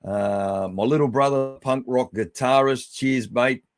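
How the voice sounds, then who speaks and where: A middle-aged man hosting a livestream, giving casual, affectionate shout-outs to viewers and swearing freely. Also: medium pitch, a little slow, dry recording. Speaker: livestream host.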